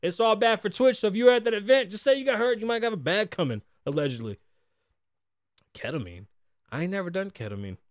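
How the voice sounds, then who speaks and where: A man hosting a podcast, talking casually and animatedly, swearing a lot and acting out quotes in loud bursts from a studio. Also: high voice, expressive, fast talker, no echo. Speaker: podcast host. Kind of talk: casual profane talk-show rant.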